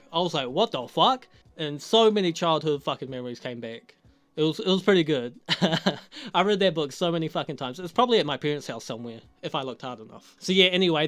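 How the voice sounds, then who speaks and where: A man's voice: on the high side, fairly bright tone. A young adult man giving a casual spoken TV episode review, talking loosely, swearing a lot and laughing often. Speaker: TV show reviewer.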